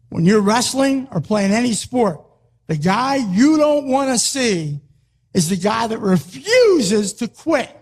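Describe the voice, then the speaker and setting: Punchy high-voiced Philly coach. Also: male voice. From Philadelphia, US. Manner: emphatic, punchy, repeats short phrases. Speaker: wrestling coach. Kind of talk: motivational speech.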